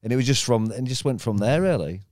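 A man's voice: mid-range voice, lively intonation, quick pace, a little mellow, no echo, clean studio sound. A man, a guest comedian telling rambling stories in casual podcast chat and acting out the other people in them. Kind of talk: casual storytelling.

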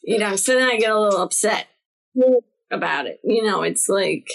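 A middle-aged woman from New Jersey, co-hosting a podcast in casual chat and telling stories with lively acted-out quotes. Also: normal speed, creaky, low-quality recording. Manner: animated storyteller, acts out quotes with big pitch jumps. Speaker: podcast co-host.

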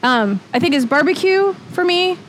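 Chatty woman co-host, slightly high voice. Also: expressive, moderate pace, fairly bright tone, slight background noise. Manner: chatty, thinking aloud with restarts. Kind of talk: casual chat.

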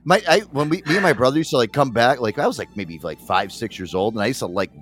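A man's voice: mid-range voice, fast talker, fairly bright tone, faint music behind. A man co-hosting a podcast, telling a rambling, profane story with lots of laughs. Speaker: podcast co-host. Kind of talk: casual comedic chat.

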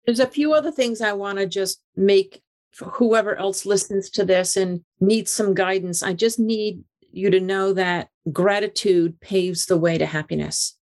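A woman's voice: mid-range voice, a little slow. Older woman telling a heartfelt story. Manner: animated, repeats words and restarts often. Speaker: interview guest. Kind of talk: emotional personal storytelling.

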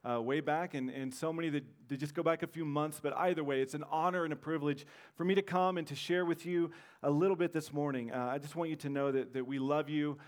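A preacher from Texas in his thirties with a slightly higher voice, delivering a sermon. He talks in a loose, conversational way, telling stories and circling back through fillers and restarts. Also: steady tone, quick pace. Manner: informal, storytelling, many fillers and restarts. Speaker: visiting preacher.

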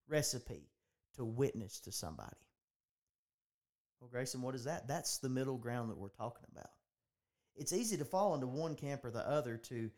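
A man's voice: mid-range voice, a little mellow. Earnest man preaching on a podcast. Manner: earnest, repeats words, restarts phrases. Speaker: podcast host. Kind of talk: preaching-style podcast talk.

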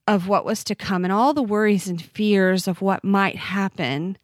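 In clean studio sound with no room sound, a woman in her forties speaks with a steady tone at medium pitch and normal speed. She is a podcast guest offering personal testimony in conversation, heartfelt and earnest, with frequent halts and restarts.

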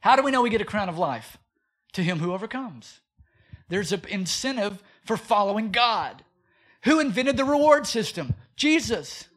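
This pastor's sermon moves at a normal speed, his fairly high, somewhat bright voice very animated as it climbs and dips to press his points. He throws in rhetorical questions and performs quotes as he goes.

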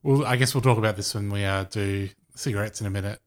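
A man's voice: fairly low pitch, fast talker. A man with a New Zealand accent co-hosting a casual podcast, tossing in dry quips. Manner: dry quips, deadpan jokes. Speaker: podcast co-host. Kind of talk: casual chat.

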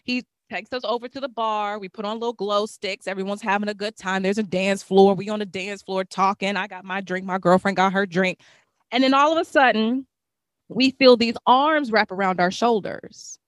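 A young woman hosting a casual chat, telling a lively story and acting out the voices of the people in it. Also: medium pitch, moderate pace, no echo, studio quality. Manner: animated, acts out voices in her stories.

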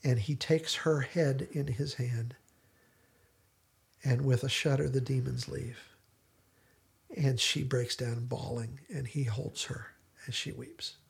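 A man's voice: mid-range voice, steady tone, slow pace, creaky. A man hosting a casual discussion podcast, retelling scenes in detailed storytelling fashion. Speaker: podcast host.

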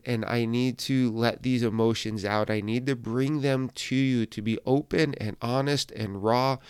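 A middle-aged male pastor gives a reflective devotional talk in an earnest, encouraging way. His voice is smooth and resonant, with a gravelly edge. The sound is dry and close. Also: mid-range voice, no echo.

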